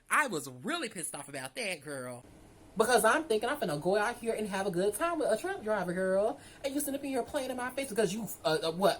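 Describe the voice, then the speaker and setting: A woman, telling a story to her viewers in a sassy, animated way. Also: mid-range voice, low-quality recording. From Southern United States. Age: 20s. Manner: sassy, animated, addresses listeners as girl and y'all. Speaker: vlogger. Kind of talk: casual storytime monologue.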